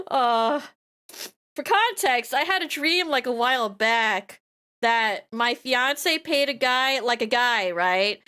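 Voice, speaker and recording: A woman streaming casually, her voice high and bright. She rambles through animated stories, laughing often and circling back to the same phrases. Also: takes it slowly, long pauses, smooth. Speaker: VTuber streamer.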